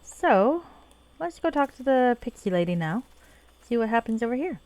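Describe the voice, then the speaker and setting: A woman's voice: on the high side, sing-song, moderate pace, darkish tone, dry recording. A woman streamer casually talking through a game and reading its dialogue aloud. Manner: chatty, reads dialogue aloud, laughs easily.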